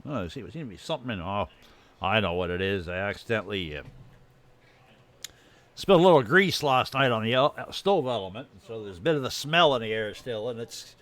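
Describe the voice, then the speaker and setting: A man's voice: fairly low pitch, lively intonation, brisk, fairly bright tone. Chatty man with a dry throat. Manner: rambling, chatty, greets viewers while showing his build. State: dry, irritated throat with coughing. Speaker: game streamer. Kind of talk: casual live-stream commentary.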